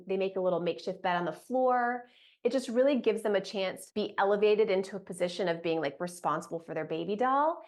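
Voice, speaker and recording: A woman and mother coaching parents on toddler sleep, talking casually to camera with lots of "like" fillers. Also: mid-range voice. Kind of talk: direct-to-camera parenting tips.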